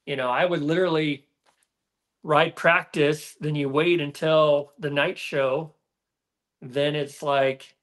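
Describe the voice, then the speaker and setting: A middle-aged man, a former racer, chatting as a podcast guest in a relaxed, rambling way with many fillers. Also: fairly high pitch, slow pace. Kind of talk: casual podcast conversation.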